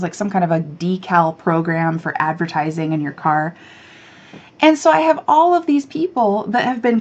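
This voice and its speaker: A woman hosting a knitting podcast, chatting casually to camera, excitable and chatty, and she swears freely when she rants. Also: medium pitch, muffled recording.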